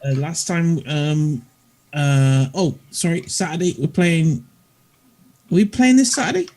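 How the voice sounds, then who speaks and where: A man who plays and streams tabletop games, chatting in a relaxed, slightly scattered way. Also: fairly high pitch, a little slow. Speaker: player and streamer. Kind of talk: casual chat.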